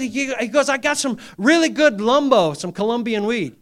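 Middle-aged preacher guy, high voice, goes from whispering to loud, acts out the quotes. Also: animated, normal speed. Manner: swings from hushed, near-whispered lines to loud, emphatic ones; acts out quoted dialogue in a raised voice. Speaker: pastor. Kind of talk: sermon with personal testimony.

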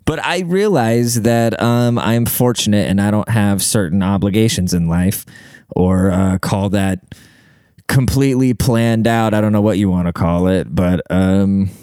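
A man's voice: fairly low pitch, a little slow, warm tone, smooth, no room sound, studio quality. A man rambling through a casual comic monologue, profane and self-deprecating, full of fillers. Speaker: comedian and podcaster.

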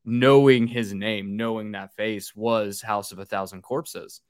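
A man's voice: lowish voice, a little slow, clean tone, dry recording. Dry, casual-sounding male podcast host. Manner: animated storyteller, swears and laughs freely. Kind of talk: casual interview chat.

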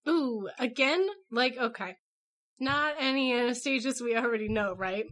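A middle-aged woman co-hosting a podcast, chatting casually with quick, wry joking asides. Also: a little high, fairly bright tone. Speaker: podcast co-host.

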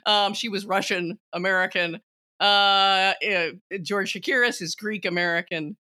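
Opinionated woman, bright voice. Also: medium pitch, unhurried. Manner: opinionated, animated, laughs often. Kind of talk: casual film discussion.

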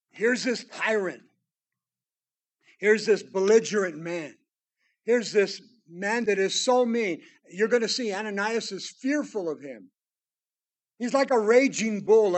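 Reading scripture aloud and offering his commentary, this preacher's voice sits high. His delivery shifts from loud, emphatic moments to quiet, prayerful ones.

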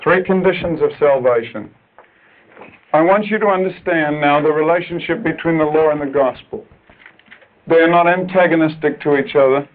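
A man preaching a sermon to other preachers, emphatic and urgent, dropping at times to quiet, earnest asides. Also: a little high, steady tone, a little fast. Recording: tinny lo-fi old tape recording.

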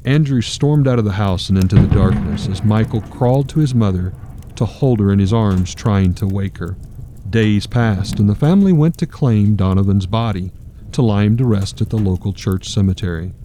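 A man narrating a dark story in a measured, grave manner. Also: lowish voice, a little hiss or hum.

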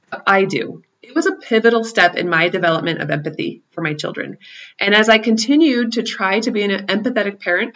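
A woman in her thirties telling a personal story about her children in an earnest, reflective way, with soft laughs at herself. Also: mid-range voice. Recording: slightly dull lo-fi recording.

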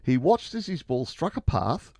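A man co-hosting radio, his voice rising and falling with lively swings. He chuckles between phrases and talks his way loosely into each story. The sound is close and dry, with no room around it. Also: mid-range voice, moderate pace, creaky, no echo. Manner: chuckles often, animated, stumbles into stories. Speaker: radio co-host. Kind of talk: casual radio banter.

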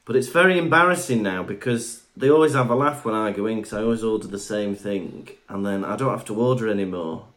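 A man's voice: on the low side, quick pace, hardly any pauses, fairly bright tone. A man co-hosting a podcast in casual banter, joking and laughing often. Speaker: podcast co-host.

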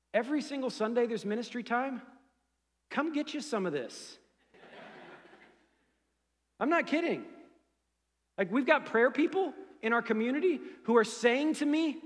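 A middle-aged man preaching a sermon in a church sanctuary, conversational and animated, full of fillers and asides. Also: sits high, big-room sound. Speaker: pastor.

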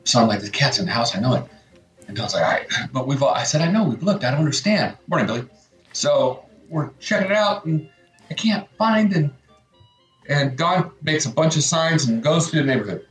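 A man's voice: fairly high pitch, animated, brisk, roomy sound, faint music behind. Rambling middle-aged male radio co-host. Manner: rambling storyteller, acts out family quotes. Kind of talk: casual chat.

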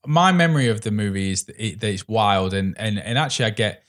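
A man's voice: on the low side, fast talker, fairly bright tone. Rambling, chatty man. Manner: rambling, many fillers like "like" and "you know". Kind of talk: casual film chat.

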